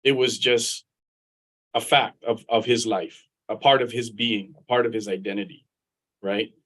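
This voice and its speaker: A man's voice: lowish voice, fairly even intonation, a little slow, fairly bright tone, poor audio. A middle-aged man from Guam, an attorney and veteran, telling personal stories in a conversational way over a video call. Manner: conversational, repeats words while thinking. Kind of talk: storytelling in a live interview.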